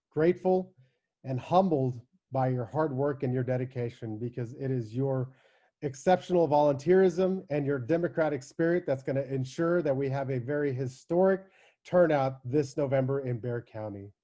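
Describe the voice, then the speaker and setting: A man's voice: mid-range voice, moderate pace, mellow. A man, a judge, giving an earnest, formal recorded video greeting.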